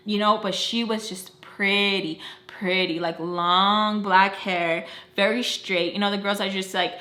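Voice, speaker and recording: A woman's voice: medium pitch, steady tone, takes it slowly, pushed and bright. A young woman telling a personal story in a casual, chatty way, full of "like" and acted-out quotes. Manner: chatty, lots of "like", acts out quoted lines. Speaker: storytime vlogger. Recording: roomy echo.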